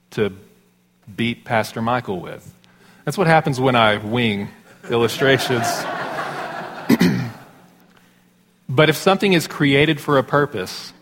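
A man in his thirties preaching a sermon as pastor in a church sanctuary, conversational and self-deprecating with quick asides. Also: mid-range voice, fairly bright tone. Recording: long hall reverb.

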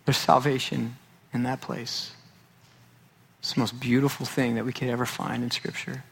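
A man's voice: mid-range voice, little pitch movement, normal speed, vocal fry, fairly bright tone, breathy edge. A male pastor preaching a sermon, emphatic and repeating key phrases for weight.

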